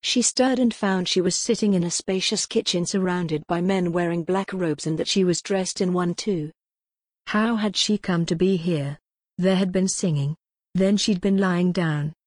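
A woman narrating a gothic novel in a steady, measured audiobook reading. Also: on the low side, no echo, clean studio sound.

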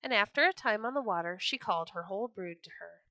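Female storyteller, children's book reading, expressive, bright and dry. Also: medium pitch, quick pace, no room sound, muffled recording.

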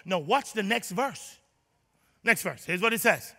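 A man preaches a sermon in a church sanctuary, unhurried and expressive, alternating forceful shouting with hushed asides while prompting the congregation to respond. The recording sounds like a big room.

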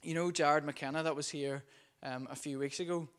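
A man's voice: fairly high pitch, steady tone, moderate pace, fairly bright tone, clear, resonant tone. A man preaching a sermon, telling a story in a conversational way with frequent fillers. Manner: conversational, many fillers while recounting a story.

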